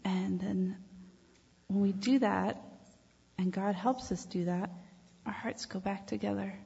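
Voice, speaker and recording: A woman leading a children's time in church, asking the children questions and telling them a story in a gentle way. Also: medium pitch, fairly even intonation, moderate pace, gravelly, husky. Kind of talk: children's sermon. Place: church sanctuary. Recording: echoey church hall, dull lo-fi sound.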